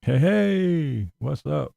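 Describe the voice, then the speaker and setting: A man rambles through a casual live stream with a profane, mocking delivery. His voice is gravelly and moves a lot in pitch. The sound is close and dry. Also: lively intonation, drawn-out words, mellow, no echo.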